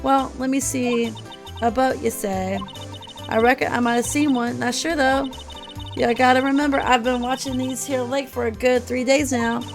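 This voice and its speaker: A woman voicing a loud, sassy Southern woman photographer in a video game, speaking with a folksy put-on Southern drawl over game music. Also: sits high, fairly even intonation, normal speed. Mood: friendly. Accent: American Southern, put on.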